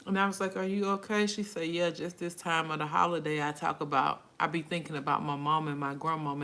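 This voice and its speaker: A middle-aged woman hosts a casual live stream from her phone, reading viewers' comments aloud and answering them in an emotional, outspoken way. Her deep voice has a fairly bright tone and a level delivery. She talks briskly, with hardly any pauses.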